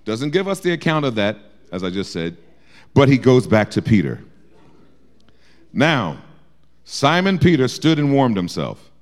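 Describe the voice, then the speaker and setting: Lively, animated male Bible teacher. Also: medium pitch, a little slow, long pauses. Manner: lively, acts out quotes with shifting voice.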